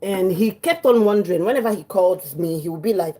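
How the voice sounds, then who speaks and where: A woman with a Nigerian accent, chatting as a livestream host in her home kitchen, telling a story with lively acted-out quotes. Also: medium pitch, brisk, hardly any pauses, poor audio. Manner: lively, acts out quotes, mixes in pidgin.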